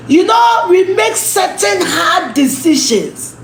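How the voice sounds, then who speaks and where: A woman's voice: extremely high pitch, big pitch swings, takes it slowly, few pauses, echoey room, slight background noise. A Ghanaian woman giving a scolding, emphatic rant, speaking English mixed with Twi and repeating her points. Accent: Ghanaian English, mixing in Twi. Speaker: commentator. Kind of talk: ranting social media commentary.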